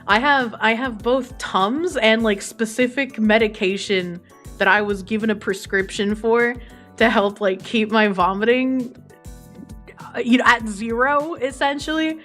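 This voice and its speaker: A woman streamer with a fairly high voice chats loosely with her viewers, answering messages as she reads them. She swears freely and breaks into laughter often. Faint music plays underneath. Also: measured pace, fairly bright tone. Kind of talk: casual chat reading out viewer messages. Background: faint background music.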